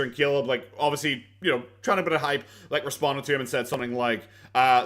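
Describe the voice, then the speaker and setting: A man's voice: on the high side, quick pace, a bit bright. Irish man, casual reaction commentary, sarcastic, rambling, cursing, laughs often. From Ireland. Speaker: reaction video host.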